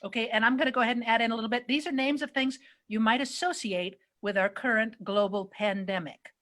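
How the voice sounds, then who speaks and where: Brisk woman co-host on a video call, bright and high, keeps the game moving. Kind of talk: comedic game show hosting over video call.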